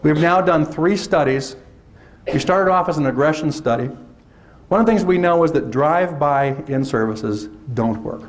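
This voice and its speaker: Guy lecturing teachers at a workshop, pretty high voice, animated, keeps doing little voices. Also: moderate pace. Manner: lively, acts out teachers in put-on voices. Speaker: workshop presenter. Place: lecture hall.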